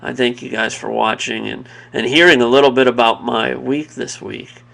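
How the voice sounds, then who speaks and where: A man with a heavily gravelly, fry-laden voice speaks in a personal devotional talk. His voice sits at a middling pitch. He is earnest and reflective, often pausing and restarting his thoughts. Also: steady tone, fairly bright tone. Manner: pauses and restarts mid-thought.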